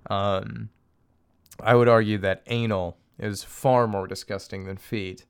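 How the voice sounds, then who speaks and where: A young man with a low, gravelly yet smooth voice, talking alone in a casual, crude comedic rant. He rambles from one gripe to the next and chuckles as he talks. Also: fairly even intonation, measured pace. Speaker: podcaster.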